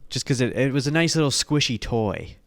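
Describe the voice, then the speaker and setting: A man from the Bronx hosting a podcast, telling childhood stories in a lively, profane, laughing way into a studio mic. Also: medium pitch, a little fast, slight background noise. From the Bronx, New York. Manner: animated, profane, laughing at his own stories. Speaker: podcast host. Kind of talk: casual storytelling.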